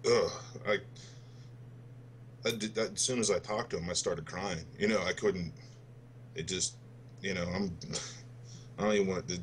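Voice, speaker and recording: A man's voice: sits low, slight background noise. A man in his twenties on a gaming podcast, telling a story to friends in a loose, profane way and laughing as he goes. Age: 20s. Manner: laughs through his story, swears freely. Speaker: podcast co-host.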